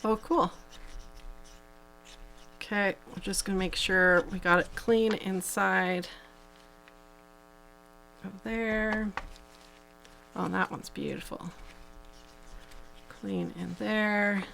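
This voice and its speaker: A woman's voice: mid-range voice, fairly even intonation, slow pace, creaky, long pauses, a bit bright, a little hiss or hum, low-quality recording. A woman hosting a live craft tutorial, chatting casually as she demonstrates each step, with plenty of fillers. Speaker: host.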